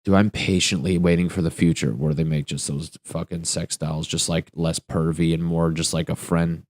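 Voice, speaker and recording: A man's voice: low-pitched, level tone, normal speed, a little mellow, no echo. A young man hosting a solo comedy podcast, rambling through crude jokes and laughing at his own punchlines. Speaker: podcast host.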